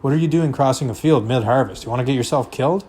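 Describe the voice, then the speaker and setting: Gruff menacing farmer, read by a man. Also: medium pitch, fairly even intonation, brisk, darkish tone, natural voice. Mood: scolding. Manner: scolding, blunt. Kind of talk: reading a novel aloud.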